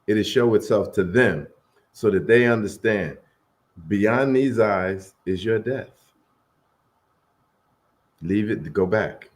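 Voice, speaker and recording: A man co-hosting, telling a personal story in an earnest, slow and heartfelt way. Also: on the low side.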